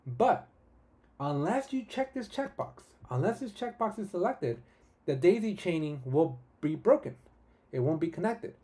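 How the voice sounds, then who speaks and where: Enthusiastic man with a mellow voice. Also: on the high side. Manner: casual and enthusiastic, with frequent "right?" and restarts. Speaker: tutorial host. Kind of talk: live-streamed software tutorial.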